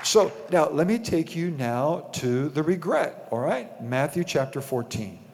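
A man's voice: fairly high pitch, big pitch swings, measured pace, gravelly, a little mellow, a faint crowd, slight background noise. A man preaching a sermon as pastor of his church, building to emphatic peaks and tossing questions to the congregation. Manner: preaching with rising emphasis and call-and-response questions. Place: church sanctuary. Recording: long hall reverb.

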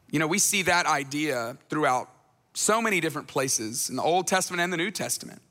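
Male pastor, high bright tenor, earnest and repetitive, hall reverb. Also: lively intonation, a little fast. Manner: earnest, repeats phrases for emphasis, storytelling asides. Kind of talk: conversational sermon.

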